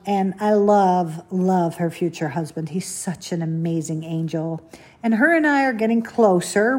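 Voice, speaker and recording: A middle-aged woman from the Netherlands hosts a solo podcast, her voice a little husky. She talks in a loose, confiding way and keeps asking the listener what they think. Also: medium pitch, a little mellow. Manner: chatty and confiding, asks the listener questions. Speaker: podcast host. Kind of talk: casual solo podcast chat.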